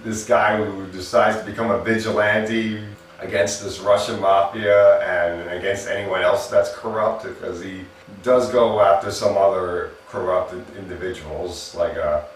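Man, casual movie review, chatty, laughs at own jokes, lowish voice, heavy room echo. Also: steady tone, a little slow, slight background noise. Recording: echoey room, mic at a distance.

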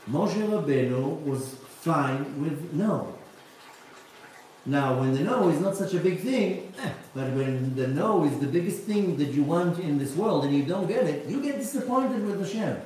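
A male rabbi lecturing live with a high, lively voice that swings up and down as he acts out the people he quotes. He keeps asking his listeners questions. The recording is very echoey and distant, with faint noise behind him. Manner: asks the audience rhetorical questions.

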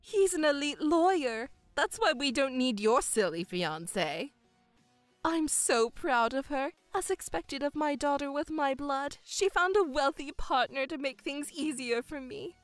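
A woman's voice: high voice, lively intonation, unhurried, no room sound, soft background music. A woman voicing a scheming middle-aged mother who dotes on one daughter and mocks the other, speaking in a condescending, gloating way. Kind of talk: voiced story narration.

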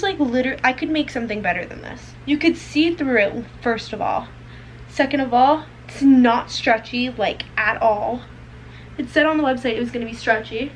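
A nineteen-year-old woman vlogger chatting through a clothing try-on haul, expressive and full of "like". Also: high voice, slight background noise, low-quality recording. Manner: chatty and expressive, heavy use of "like". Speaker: beauty and fashion vlogger. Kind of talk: casual try-on haul chat.

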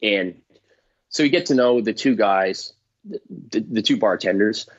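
A middle-aged man, a comedian guest, telling stories in casual chat, animated and swearing, acting out voices. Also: fairly low pitch, measured pace, husky. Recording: dull lo-fi dry sound.

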